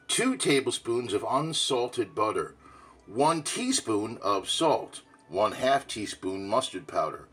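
A man hosting a cooking demo in a playful, mock Southern drawl. His pitch swings widely as he hams up each line. The jokey, showy delivery suits a comic kitchen show. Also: fairly bright tone, breathy edge. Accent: put-on Southern drawl. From California. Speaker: cooking show host and comedian. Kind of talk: comedic cooking demonstration.

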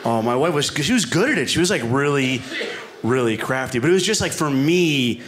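A man's voice: medium pitch, expressive, fairly quick, a bit bright. A man doing a stand-up comedy set on a club stage, rambling and self-deprecating, with asides to the live audience. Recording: live club recording with room noise.

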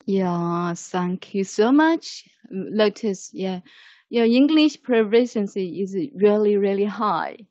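A woman teaching an online English lesson, praising her students warmly and guiding them patiently. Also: mid-range voice, expressive, no room sound. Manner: lavish praise, slow and patient. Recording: muffled online call audio.

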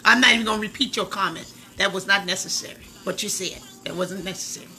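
Loud, chatty woman on a bright phone livestream. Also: mid-range voice, brisk, soft background music. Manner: loud, laughing, slangy and talking straight to viewers. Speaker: livestream host. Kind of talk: casual livestream chat.

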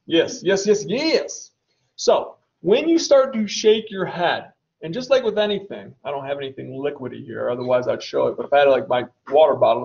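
A man giving a recorded college anatomy lecture, energetic and checking in with "okay?" after nearly every point. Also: sits high, lo-fi sound. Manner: energetic, peppers lines with "okay?" and "all right".

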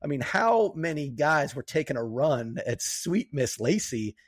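A man's voice: a little high, very animated, a little slow, breathy edge, no room sound. A man co-hosting a movie podcast in loose, chatty talk that speeds up in bursts. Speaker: podcast co-host. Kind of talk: casual movie chat.

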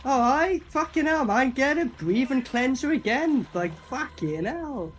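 A film reviewer giving casual, profane reaction commentary and acting out characters in quick asides. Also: high voice, animated.

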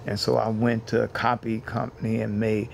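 A man's voice: on the low side, little pitch movement, normal speed, creaky, slight background noise. A man being interviewed as a housing activist, telling his story in an earnest way and building his points by repeating phrases.

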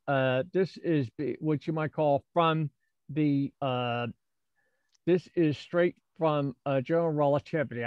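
A man presenting a physics talk over a video call, halting and full of restarts. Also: on the high side, smooth, no room sound, muffled recording. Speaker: conference speaker.

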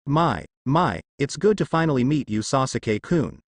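A man's voice: medium pitch, very animated, normal speed, dry recording. Man doing a mocking snake-like kunoichi. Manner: silky, mocking. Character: mocking snake-like female ninja.

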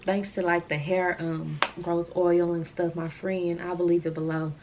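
Woman vlogger, loose rambling talk to camera, slightly low pitch, a faint hiss behind her. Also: little pitch movement, normal speed. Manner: chatty, rambling, addresses viewers as y'all. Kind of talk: casual chat to camera.

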